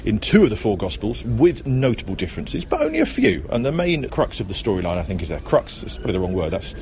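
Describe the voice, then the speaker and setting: A middle-aged man hosts a casual, chatty talk about Christmas history while out shopping near a road, often joking and correcting himself. He talks fast with a medium-pitched, darkish voice that swoops wildly in pitch, and the outdoor street recording picks up faint traffic.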